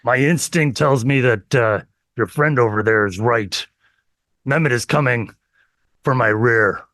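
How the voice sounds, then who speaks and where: A man's voice: mid-range voice, a little slow, fairly bright tone, no echo, clean studio sound, natural voice. A man improvising as a vain, boastful emperor who talks in a pompous, self-praising way. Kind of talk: improvised comedy role-play.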